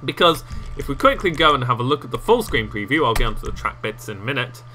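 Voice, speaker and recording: A man walking viewers through video editing software in a casual, rambling tutorial with self-mocking asides, recorded on a desktop microphone. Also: medium pitch, animated, fast, faint music behind. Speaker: game tutorial host.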